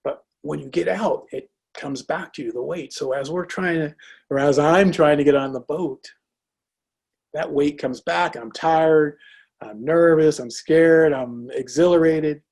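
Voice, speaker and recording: Gravelly-voiced man telling a story. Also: on the high side, unhurried. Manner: lively, acts out dialogue in anecdotes. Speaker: speaker. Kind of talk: motivational storytelling.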